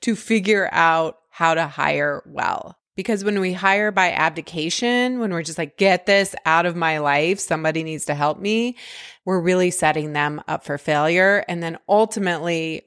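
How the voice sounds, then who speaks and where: A woman's voice: sits low, fairly bright tone, dry recording, clean studio sound. A woman hosting a podcast as a business coach, talking in an upbeat, encouraging way with emphatic bursts. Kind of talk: casual conversational coaching chat.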